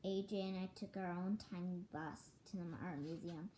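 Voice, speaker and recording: A woman reading a children's book aloud in a halting way, often restarting words, recorded with room echo. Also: lowish voice, steady tone, dark tone, slight background noise. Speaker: storybook reader. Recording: echoey room.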